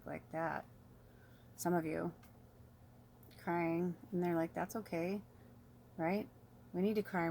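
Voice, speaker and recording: A woman's voice: medium pitch, a little mellow, a little hiss or hum. A woman giving a casual spiritual card reading, rambling and chatty, reading card passages aloud and talking straight to her viewers. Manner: chatty, rambling, addresses viewers as "you guys"; reads card passages aloud, then riffs on them. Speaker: tarot and oracle card reader.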